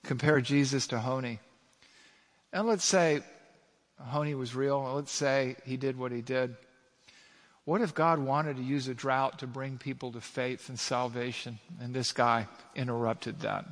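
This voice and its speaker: A man's voice: mid-range voice, steady tone, unhurried. A man preaching a sermon as a pastor, speaking with emphasis and throwing rhetorical questions at his congregation. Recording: long hall reverb.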